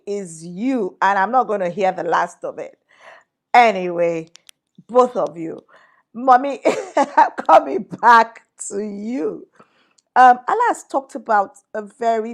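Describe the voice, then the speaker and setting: A middle-aged woman hosting a family conversation, teasing lightly and asking questions of her mother and daughter. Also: mid-range voice. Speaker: host.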